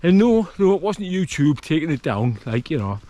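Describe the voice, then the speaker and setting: A man's voice: a little high, very animated, normal speed, warm tone, no echo. Rambling man vlogging outdoors. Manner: rambling, self-deprecating, lots of fillers. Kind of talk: casual talk to camera. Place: outdoors in woodland, wild camping.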